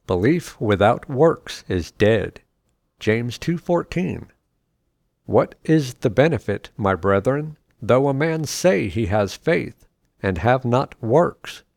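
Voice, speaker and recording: Slow, gravelly male Bible teacher. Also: medium pitch, animated, darkish tone, no echo, studio quality. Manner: slow, measured reading of scripture and commentary. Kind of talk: scripted Bible study narration.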